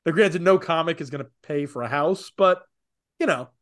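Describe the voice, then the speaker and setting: A man co-hosting a casual podcast, talking opinionatedly with rapid asides. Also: a little high, fairly bright tone. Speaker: podcast co-host. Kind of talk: casual comics podcast chat.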